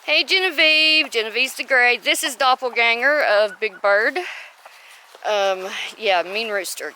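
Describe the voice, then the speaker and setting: A woman's voice: fairly high pitch, sharp tone, a little hiss or hum. A woman homestead vlogger chatting casually through her chores outdoors, often breaking off to coo at her chickens by name. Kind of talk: casual chat while doing farm chores. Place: outdoors at chicken and rabbit pens.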